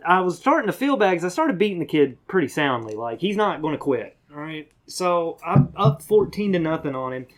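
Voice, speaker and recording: Man, podcast co-host, casual chat, animated storytelling, slightly high voice. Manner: animated storyteller, acts out quotes loudly.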